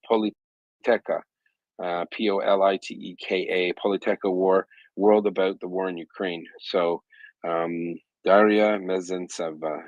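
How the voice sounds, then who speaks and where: A man's voice: deep voice, fairly bright tone, no echo, low-quality recording. A man hosting a live audio chat room, talking in a rambling way with many fillers and restarts. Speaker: host of a live audio space.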